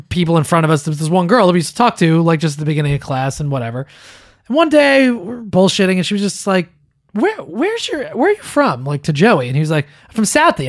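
A man's voice: a little high, no echo, studio quality. A man hosting a podcast, chatting casually and telling jokey stories with his co-host. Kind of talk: casual chat.

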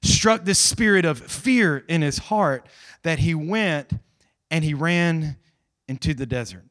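A middle-aged male pastor preaching a sermon to a live congregation in a church, telling a Bible story with lively emphasis, swinging between loud pushes and low, quiet asides. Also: slow. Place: church hall with live audience.

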